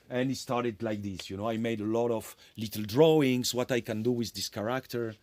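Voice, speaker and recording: A man's voice: fairly low pitch, fairly even intonation, a little fast, hardly any pauses, a little mellow. A middle-aged man, a composer giving a conference lecture on his work, rambling and correcting himself with apologetic asides. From France.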